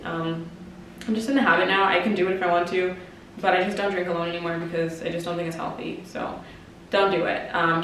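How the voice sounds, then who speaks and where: A woman's voice: on the low side, a bit bright, a little hiss or hum. A woman in her twenties giving candid breakup advice in an emotional, confiding way, with frequent "like" and casual swearing. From Canada. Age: 20s. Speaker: vlogger. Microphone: compact camera mic. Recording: echoey room, somewhat far from the mic.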